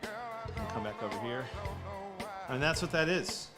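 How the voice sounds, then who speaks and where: A man hosting a casual live stream from his home kitchen, upbeat and joking, quick to laugh. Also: fairly high pitch, sing-song, over loud music. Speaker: streamer host.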